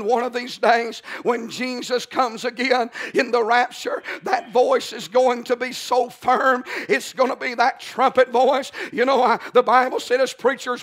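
Male preacher with a very high voice, emphatic rhythmic sermon delivery. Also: a bit bright.

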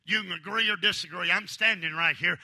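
Speaking a little fast in a high-pitched voice, this revival preacher shouts with fervor, dropping from loud outbursts to hushed lines and urging the congregation to say amen.

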